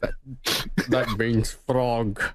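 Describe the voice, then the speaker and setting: Guy doing a low, rough Spanish-accented actor impression, mock-tough. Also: little pitch movement, very slow, slight background noise. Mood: boastful. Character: boastful Spanish-speaking male actor, threatening.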